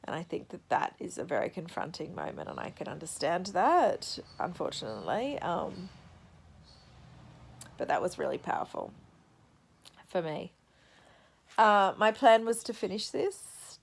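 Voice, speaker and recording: A young woman chats casually about her reading, thoughtful and halting as she works through her reactions. Her voice carries a gravelly fry and she sounds teary after crying. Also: on the low side, sing-song, slight background noise. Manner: reflective, soft-spoken, halting. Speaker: book vlogger.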